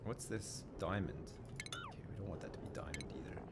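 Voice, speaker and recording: A man's voice: deep voice, animated, a little fast, heavy background noise. A man streaming a video game, rambling and thinking aloud in casual commentary, swearing now and then.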